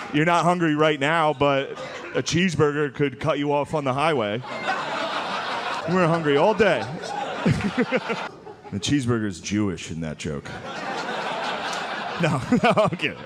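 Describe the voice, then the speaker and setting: A male stand-up comedian talks through his set in a loose, crude, conversational way. His voice sits a little high for a man. Clear audience noise from the live club runs behind him.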